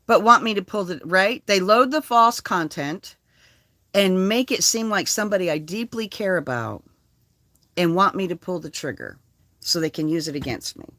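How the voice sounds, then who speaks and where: Profane, animated older woman vlogger. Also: extremely low pitch, no echo. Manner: blunt, profane, animated storytelling. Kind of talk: casual chat. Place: lives in a converted school bus.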